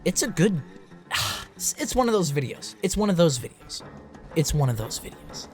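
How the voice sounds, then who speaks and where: A man's voice: a little high, sing-song, moderate pace, faint music behind. A young man talking in a loose late-night video rant, rambling with lots of fillers and restarts. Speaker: game reviewer.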